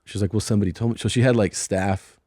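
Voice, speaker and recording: A man's voice: on the low side, fairly even intonation, fast talker, dark tone, husky, dry recording, clean studio sound. Laid-back man telling a long anecdote. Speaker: podcast host and comedian. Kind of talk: casual chat, storytelling. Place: podcast studio. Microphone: studio microphone.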